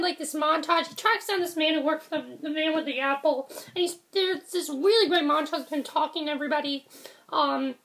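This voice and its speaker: A young woman casually reviewing a TV episode, rambling with frequent ums, self-corrections and quick apologies. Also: high voice, a bit bright.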